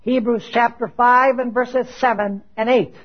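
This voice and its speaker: A male preacher with a very high, husky voice delivers a slow, deliberate sermon. He swings between loud, intense scripture reading and hushed questions to his congregation. The recording sounds dull and lo-fi. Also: fairly even intonation. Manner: dramatic, rising loud on quoted scripture and dropping low for questions; asks the audience questions and answers them.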